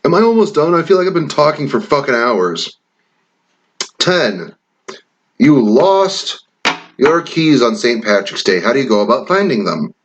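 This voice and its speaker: A man's voice: mid-range voice, very animated, unhurried, highs cut off. A man from Wisconsin chatting casually and swearing now and then as he reads quiz questions aloud and riffs on them. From Wisconsin, USA. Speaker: vlogger taking online quizzes. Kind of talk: casual rambling commentary.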